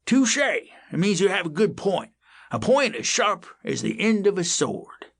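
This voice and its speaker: A rambling, forgetful old tomcat from a children's storybook, as a male narrator puts him on. He chats on and repeats himself, with a lively, swooping delivery, raised high and a bit gravelly and husky. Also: measured pace, exaggerated voice. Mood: amused. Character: forgetful chatty old male house cat.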